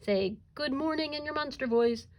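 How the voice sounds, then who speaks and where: A woman who is a kindergarten teacher, giving a recorded remote classroom lesson in an animated way, drawing words out and breaking into sudden high exclamations. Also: moderate pace.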